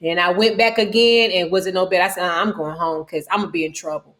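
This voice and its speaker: A woman, a guest telling a story in casual talk, acting out her own quotes with big jumps in voice. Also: fast. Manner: animated, quoting herself with sharp pitch jumps. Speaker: guest, reality TV cast member.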